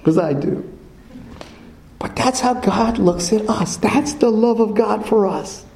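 A man preaching a sermon to a congregation in a church, repeating his points slowly and quizzing the listeners with fill-in questions. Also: high-pitched, vocal fry, darkish tone, slight background noise. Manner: slow, emphatic repetition. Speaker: pastor. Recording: echoey church room.

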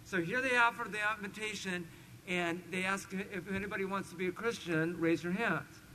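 A middle-aged pastor with a fairly high voice for a man preaches to his congregation. He is animated, pushing some points out loud and dropping others to a near-murmur. A faint hiss sits under his voice. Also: normal speed, poor audio. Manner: animated storyteller, swings between loud emphasis and hushed asides. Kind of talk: expository sermon with personal stories.

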